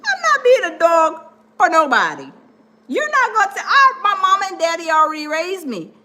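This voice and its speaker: A woman's voice: very high-pitched, very animated, moderate pace, bright, forceful tone. A woman hosting a livestream, chatting casually and animatedly, reading viewer comments aloud and acting out the people she quotes. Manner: acts out quoted people in different voices. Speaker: livestream host.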